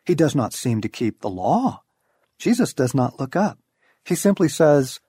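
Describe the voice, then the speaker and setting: A man's voice: medium pitch, big pitch swings, unhurried, warm tone, breathy edge, no room sound, clean studio sound. A middle-aged man reading a devotional book aloud, with wry, storytelling emphasis. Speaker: audiobook narrator. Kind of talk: scripted devotional narration.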